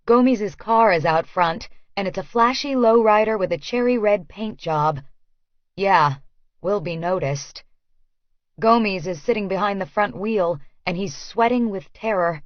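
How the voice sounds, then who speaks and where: A woman narrating a tense first-person audiobook in a steady storytelling voice. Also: mid-range voice, a little slow, no room sound. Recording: dry, slightly muffled studio recording.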